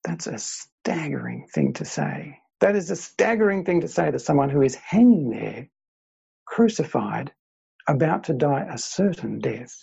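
Earnest male preacher, slightly high, husky delivery, dull recording. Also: lively intonation, measured pace, warm tone. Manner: earnest preaching with frequent fillers and repeated phrases. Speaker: pastor. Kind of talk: sermon.

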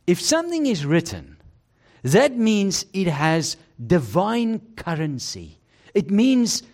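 A man preaching a sermon with emphasis and rhetorical questions, dropping low and quiet to stress key phrases. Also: sing-song, slow pace.

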